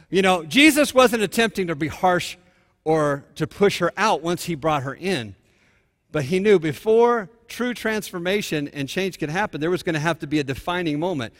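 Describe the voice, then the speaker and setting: A male pastor preaching a sermon, telling a story and moving between hushed and fervent delivery. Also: sits high, lively intonation, moderate pace, big-room sound.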